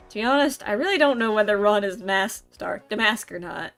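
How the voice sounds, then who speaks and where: A woman's voice: medium pitch, moderate pace, fairly bright tone, soft background music. A young woman giving casual, rambling commentary while playing a game, laughing often. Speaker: game streamer. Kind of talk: casual let's-play commentary.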